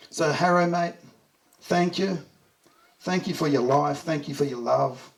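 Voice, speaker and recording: A man's voice: on the high side, measured pace, gravelly, pauses often. A middle-aged Australian man giving a heartfelt memorial speech, telling fond stories and chuckling as he goes. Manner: heartfelt storytelling, chuckles through anecdotes. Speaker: eulogy speaker. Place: memorial gathering. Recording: voice distant from the mic.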